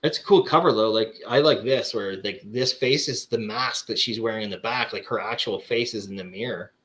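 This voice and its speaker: A man's voice: fairly low pitch, steady tone, normal speed, fairly bright tone. A man hosting a casual chat, showing off comic books and rambling with lots of fillers and restarts. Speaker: comic collector host.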